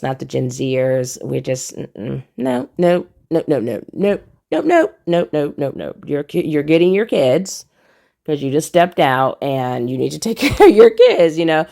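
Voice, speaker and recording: A woman's voice: very deep voice, gravelly, darkish tone. A young woman giving casual, emphatic commentary as a vlogger, repeating herself for emphasis and talking straight to her viewers.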